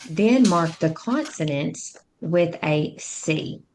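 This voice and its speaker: A woman with a slightly low voice walks through a phonics lesson. She talks slowly and clearly, sounding out each syllable the way a patient reading tutor would. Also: lively intonation, a little mellow, slight background noise. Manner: slow, clear, instructive, sounds out words.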